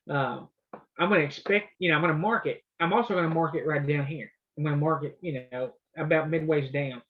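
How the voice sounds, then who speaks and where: Male trading coach, casual explainer, fairly high voice, dull lo-fi sound. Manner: loose, conversational explaining. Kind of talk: casual live coaching session.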